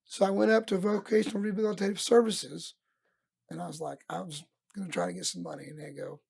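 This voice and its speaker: A man's voice: sits high, quick pace. A middle-aged man, a wrestling coach, telling stories from his youth in a podcast interview and acting out his old coaches' words. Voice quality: gravelly, husky voice. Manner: animated storyteller acting out his coaches' lines. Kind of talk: storytelling in casual interview.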